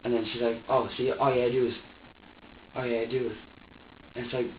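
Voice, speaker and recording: A man's voice: medium pitch, flat delivery, fast talker, a little hiss or hum. A man in a police interrogation, talking in an agitated, profane rant. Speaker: suspect. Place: interrogation room. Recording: dull echoey room audio from a distant mic.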